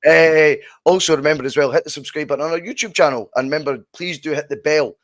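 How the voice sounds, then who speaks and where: A man's voice: on the high side, fairly even intonation, fast talker, a bit bright, no echo, clean studio sound. Man hosting a chatty podcast. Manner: chatty, matey, promotional. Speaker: podcast host. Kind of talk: casual podcast chat.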